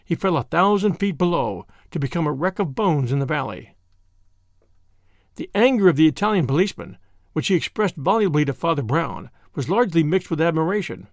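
A man narrating a classic mystery story in an expressive reading. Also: on the high side, fairly quick, no echo, studio quality.

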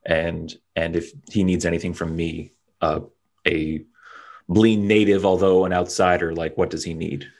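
A man's voice: low-pitched, flat delivery, unhurried, gravelly, darkish tone. A man playing in a tabletop game, thinking aloud hesitantly. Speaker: player.

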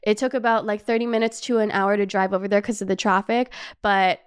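A young woman hosting a podcast, telling a travel story in a casual, animated way, laughing often and swearing freely. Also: mid-range voice, a little fast, clear, resonant tone. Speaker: podcast host.

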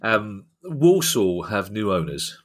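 Husky low-voiced man hosting a podcast. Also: very animated, slow pace. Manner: jokey, teasing. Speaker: podcast host. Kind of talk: casual podcast chat.

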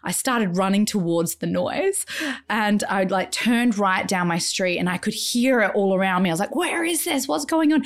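A woman with a medium-pitched voice hosts a podcast, speaking at normal speed as she tells a story in casual chat. She's animated, acting out the voices of the people in it.

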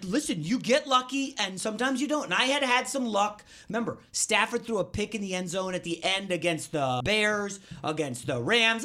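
Lively, excitable male podcast host. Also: sits high. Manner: excitable, animated storyteller. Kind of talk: sports betting podcast chat.

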